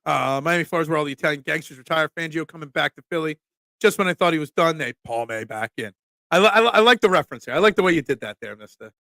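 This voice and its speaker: A man's voice: on the high side, lively intonation, fast talker, vocal fry, pushed and bright, dry recording, studio quality. A middle-aged man hosting a casual sports talk stream, joking and chatting through viewer comments. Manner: chatty, joking asides, fillers and restarts. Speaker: sports talk show host. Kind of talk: casual live-stream chat reading comments.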